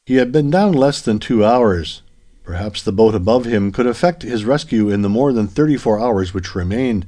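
A man narrates an audiobook in a steady, even manner. His voice sits somewhat low. He reads a printed story aloud. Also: moderate pace.

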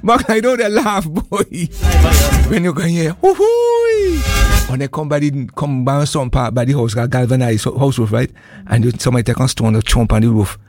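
A man with a Montserratian accent hosting a radio show, chatting and reminiscing casually, animated, with whoops and laughs. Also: medium pitch, a little fast. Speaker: radio host. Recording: loud music playing under the voice. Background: loud reggae and calypso music.

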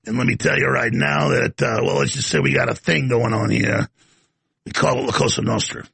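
Picture a swaggering Brooklyn wiseguy, put on by a man mid-rant, low and gravelly, drawing out every brag in a put-on Brooklyn accent. The voice is husky and rough, recorded dry and close. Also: brisk, a bit bright, dry recording, heavily acted. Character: brassy New York mobster man boasting.

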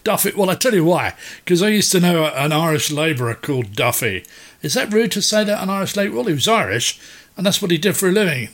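A man's voice: sits high, big pitch swings, quick pace, a bit bright. A man hosting a radio quiz in casual, jokey chat that keeps wandering off topic.

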